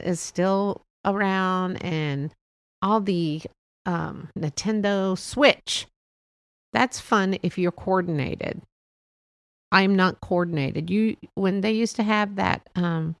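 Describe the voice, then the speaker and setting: A middle-aged woman hosting a casual solo podcast, talking in a loose, rambling way and breaking into laughs between thoughts. Her voice sits at an ordinary middle pitch. The sound is dry and close, with no room echo. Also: a bit bright. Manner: chatty, rambling, laughs often. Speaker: podcast host.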